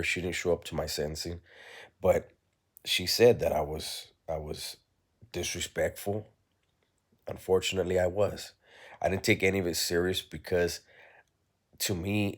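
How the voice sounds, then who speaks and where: Man, very deep voice, candid and reflective personal storyteller, blunt and unpolished. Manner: blunt, reflective, peppers speech with "right?" and "you know".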